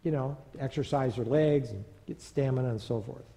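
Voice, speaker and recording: Man playing a brisk coach, commanding, a bit raised, dark tone, echoing hall. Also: medium pitch, close to an everyday voice. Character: brisk adult male football coach giving orders. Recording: long church reverb.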